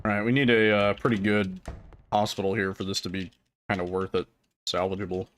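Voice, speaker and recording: A man's voice: sits low, flat delivery, brisk, slight background noise. A man casually chatting and laughing as he streams a game, with goofy asides to his chat. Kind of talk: casual gameplay commentary.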